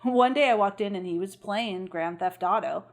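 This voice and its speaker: A woman's voice: mid-range voice, normal speed. A woman co-hosting a podcast, talking casually as a mother, laughing often and swearing for emphasis. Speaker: podcast co-host. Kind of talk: casual chat.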